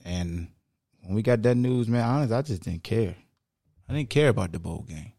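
A man's voice: lowish voice, animated, moderate pace, mellow, dry recording. A man hosting his own sports podcast in a laid-back, slangy casual chat on a studio mic. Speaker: podcast host. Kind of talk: casual solo podcast talk.

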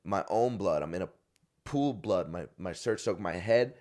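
A man with a very low voice tells a long story in a relaxed, slangy way. He laughs now and then as he talks. He grew up in Arizona. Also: moderate pace. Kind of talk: casual storytelling chat.

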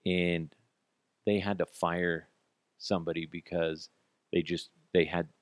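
A man's voice: low voice, little pitch movement, takes it slowly, dry recording. A man hosting a podcast alone, giving blunt, profane, sarcastic commentary. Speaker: podcast host. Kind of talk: solo commentary.

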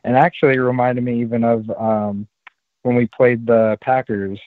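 A man from the Orlando area calling in to a sports podcast, giving a casual, measured breakdown of the game. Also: medium pitch, flat delivery, no echo. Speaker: caller. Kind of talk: phone call-in. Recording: tinny phone line.

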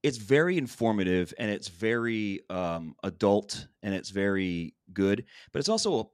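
A man's voice: fairly low pitch, animated, moderate pace, smooth, dry recording, studio quality. A man co-hosting a podcast, talking in a rambling, candid way and swearing casually. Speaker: podcast co-host. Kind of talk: casual chat.

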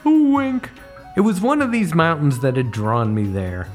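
A man's voice: mid-range voice, wildly swooping pitch, normal speed, soft background music. A middle-aged man, a comedy writer, narrating comic travel stories with a dry, wisecracking delivery.

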